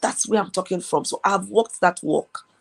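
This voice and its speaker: A woman's voice: medium pitch, normal speed, vocal fry, slight background noise. A woman from Nigeria hosting a live stream, giving an earnest motivational talk and repeating key phrases for emphasis. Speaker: host.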